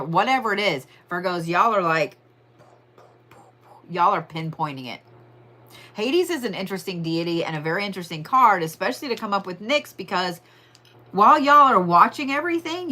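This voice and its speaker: Her voice sits on the low side with a sharp tone. This tarot and astrology reader delivers a weekly horoscope and tarot reading in a casual, swear-laden, talkative style, stretching words to emphasize them.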